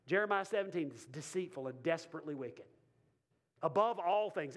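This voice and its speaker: A man's voice: fairly high pitch, expressive, a little fast. A man preaching a sermon to a congregation, emphatic, repeating key lines and putting questions to the room. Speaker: pastor. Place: church before a congregation.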